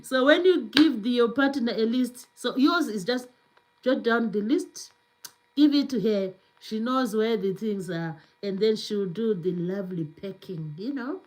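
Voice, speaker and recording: Slow-talking, upbeat woman live streamer. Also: fairly high pitch. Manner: cheerful, effusive, repeats phrases. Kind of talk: casual live stream chat, reading viewer comments.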